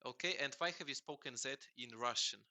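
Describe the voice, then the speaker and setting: A man chatting casually with hesitant, halting speech full of fillers and repeats. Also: medium pitch, sharp tone, no room sound. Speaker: host questioning a chatbot. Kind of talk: casual chat.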